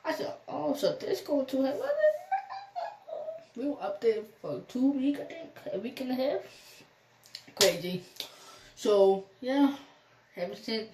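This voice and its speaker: A woman's voice: high voice, animated, a little slow, pauses often, background noise. A young woman vlogger telling a storytime in a rambling way, acting out the phone calls she quotes. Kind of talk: storytime vlog. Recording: echoey room, mic at a distance.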